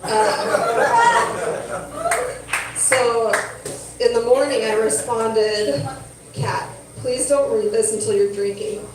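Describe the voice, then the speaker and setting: A woman doing stand-up in a halting, dry, unhurried way. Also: on the high side, fairly even intonation, a crowd in the background. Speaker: stand-up comedian. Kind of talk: stand-up set. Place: comedy club stage. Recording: echoey club, distant mic, room noise.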